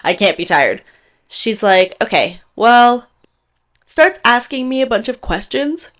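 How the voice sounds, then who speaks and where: Animated young woman telling a story. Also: on the high side, a little slow. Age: 20s. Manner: animated storytelling, acts out quotes. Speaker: podcast co-host. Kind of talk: casual chat.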